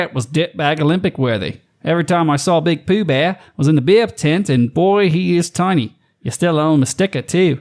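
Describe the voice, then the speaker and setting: A man reading a listener's message in a put-on Australian accent, voicing a crude, rowdy, boozy Australian bloke with a slow drawl and crude slang. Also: fairly high pitch, voice pushed up, lightly acted.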